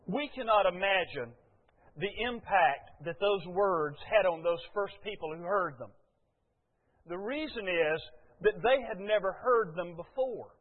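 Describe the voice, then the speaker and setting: An older man, preaching a folksy, storytelling sermon to his church with many short pauses and fillers. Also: high voice, lively intonation. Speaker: pastor. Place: church sanctuary. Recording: phone-like sound with long hall reverb.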